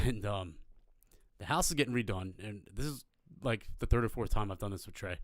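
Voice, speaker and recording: A man's voice: lowish voice, brisk, no echo. Dry-sounding man telling a story. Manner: animated anecdote-telling, casual cursing. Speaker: podcast co-host. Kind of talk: live podcast storytelling.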